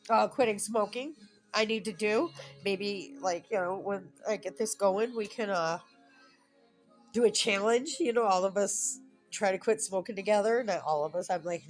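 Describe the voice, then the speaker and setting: A woman vlogging a frank, confessional monologue, rambling and restarting her sentences, with soft laughs breaking in now and then. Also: mid-range voice. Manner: rambling, heartfelt, self-interrupting with soft laughs; frank and confessional, occasionally swearing. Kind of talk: candid personal vlog monologue.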